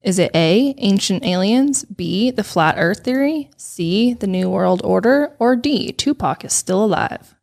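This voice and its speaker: A woman on a casual podcast quiz, expressive and exclamatory as she answers and asks questions. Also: medium pitch, a little slow, vocal fry. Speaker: podcast panelist. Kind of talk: casual quiz game chat.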